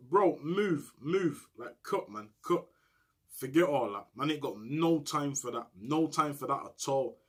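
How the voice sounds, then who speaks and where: A man telling a story to camera in heavy street slang, animated and often checking in with "you get me". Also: fairly high pitch, a little slow, slightly rough. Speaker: storyteller recounting prison life.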